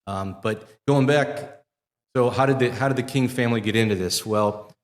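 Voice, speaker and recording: At a fishing center's live show, this Wisconsin man, a middle-aged marina owner, chats through an interview with plenty of fillers and restarts. He speaks at medium pitch and a moderate pace, with the long reverb of a big live venue around him.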